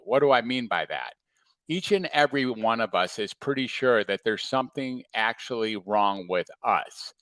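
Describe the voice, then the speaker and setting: Low-voiced man speaking calmly. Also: dry recording. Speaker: coach, former psychiatrist. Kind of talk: talk to an audience.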